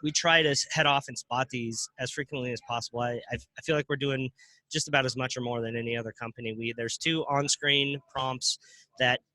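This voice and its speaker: Man, crypto ATM owner, casual interview, very bright tense tone, halting restarts, dry close sound. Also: mid-range voice, steady tone, no room sound. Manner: halting, restarts and repeats words.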